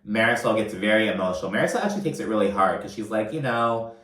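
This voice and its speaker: Guy doing a messy gossipy reality show recap, swears a lot, kinda low voice, echoey room. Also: lively intonation, quick pace, a bit bright. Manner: profane, gossipy, acts out quotes in voices. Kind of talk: casual recap commentary.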